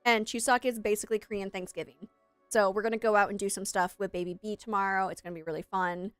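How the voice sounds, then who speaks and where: A woman's voice: mid-range voice, fairly even intonation, fast talker, fairly bright tone, clean tone, no room sound, soft background music. A woman streamer chatting on a live gaming stream, rambling and self-deprecating, who also works as an English teacher.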